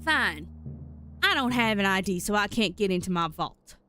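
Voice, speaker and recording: A woman's voice: medium pitch, lively intonation, sharp tone, soft background music. A woman voicing a snippy young female rabbit with a put-on country twang in a game. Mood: huffy. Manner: snippy, sulky, quick to take offense. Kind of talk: voice acting a game character.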